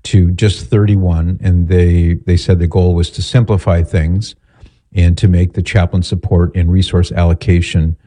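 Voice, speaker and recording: Man, radio talk host, very low voice, dark husky tone, chatty with restarts. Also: flat delivery, unhurried. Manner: conversational, with fillers and restarts.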